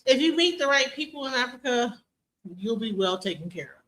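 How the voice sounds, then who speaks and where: A woman DJ hosting a livestreamed chat, talking in an animated, blunt and profane way. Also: on the high side, fairly quick, rough recording. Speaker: host, DJ.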